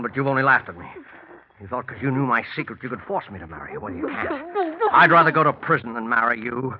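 A man's voice: mid-range voice, dull audio, lightly acted. An actor playing a cold, scheming man who plans a murder, in 1940s radio acting style, curt and then menacing, on a scratchy old broadcast recording.

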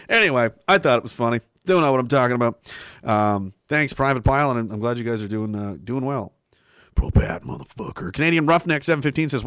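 A man hosting a livestream talk show, reading viewer messages aloud in a casual, animated and profane way. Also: mid-range voice, a little fast, clean tone, no echo, clean studio sound. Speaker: show host.

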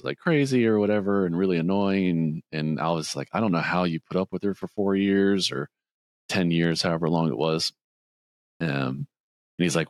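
Guy with a really low voice rambling thru a movie plot on a podcast, dry close sound. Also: no room sound. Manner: rambling, acts out characters' lines in higher voices. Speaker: podcast co-host. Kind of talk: casual chat, retelling a film plot.

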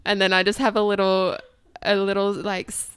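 A woman's voice: mid-range voice, flat delivery, moderate pace, fairly bright tone, clear, resonant tone, no echo, clean studio sound. A young woman in her twenties, a nurse chatting frankly on a podcast, laughing often and swearing casually. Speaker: registered nurse guest.

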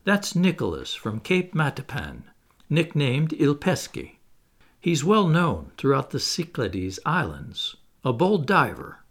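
A man reading the lines of a stern, secretive male sea captain in an audiobook, calm and curt. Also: fairly high pitch, slow, exaggerated voice.

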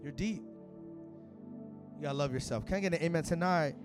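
High-voiced pastor preaching casually. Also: male voice, fairly quick, music in the background. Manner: casual slang-filled preaching, rising to shouts. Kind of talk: sermon. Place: church service.

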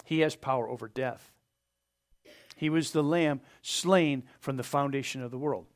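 A man pastor preaching a sermon, earnest, pressing his points hard and then letting them fall soft. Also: mid-range voice, moderate pace. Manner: earnest preaching with rising emphasis and soft drop-offs; asks the congregation to open their Bibles.

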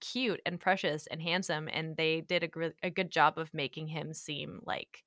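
A woman's voice: low-pitched, fairly even intonation, moderate pace, a bit bright, no echo. Chatty woman, dry close sound. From Washington state. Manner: chatty and enthusiastic, laughs often. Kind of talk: casual chat.

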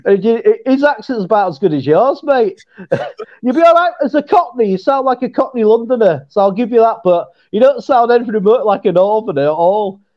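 A middle-aged Yorkshire man chats loosely with a raised, high voice, breaking into laughs and swearing freely. He speaks over a remote call, and the sound is dull and lo-fi. His talk rambles and restarts in easy banter. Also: lively intonation, brisk. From Yorkshire, England. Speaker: guest. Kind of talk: casual chat. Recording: lo-fi internet call.

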